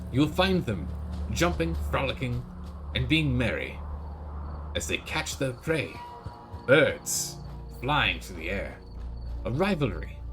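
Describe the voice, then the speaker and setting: A hushed, grand nature documentary narrator with a Transatlantic accent, as a man puts him on. He takes his time and lets his pitch swoop widely. Music plays behind him. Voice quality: slow, hushed and solemn.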